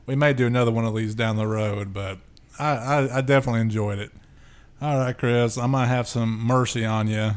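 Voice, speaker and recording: A man's voice: medium pitch, fairly even intonation, brisk, smooth. A man co-hosting a podcast, introducing segments and making easygoing, jokey remarks. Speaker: podcast co-host. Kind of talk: casual chat, introducing a segment.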